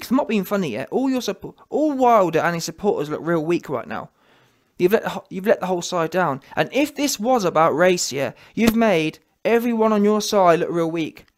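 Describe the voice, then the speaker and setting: Mocking high-voiced man ranting. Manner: mocking, keeps asking "yeah?" for agreement. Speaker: vlogger. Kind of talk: ranting monologue to camera.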